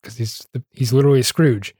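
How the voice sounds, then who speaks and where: A man with a dark, mellow voice walks through a story in a relaxed, wry recap. His tone stays offhand and easygoing. The recording is close and dry, with no room sound. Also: mid-range voice, brisk, husky, no echo. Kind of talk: casual plot recap.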